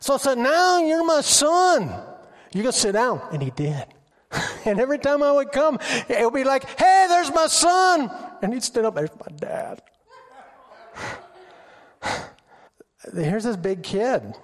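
Middle-aged guy preaching, high voice bouncing all over, long echo of a big hall. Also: measured pace. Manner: animated, acts out quotes with high excited pitch. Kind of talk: informal sermon with storytelling.

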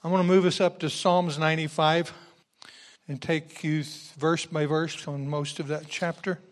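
A man preaching a sermon and reading scripture verse by verse, moving from quiet, chatty asides to loud, exuberant exclamations. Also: fairly high pitch, little pitch movement, normal speed.

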